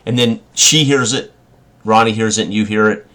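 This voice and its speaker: Low-voiced man narrating a tabletop game. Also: steady tone, normal speed, pushed and bright. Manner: descriptive, hesitant with many fillers. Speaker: game master.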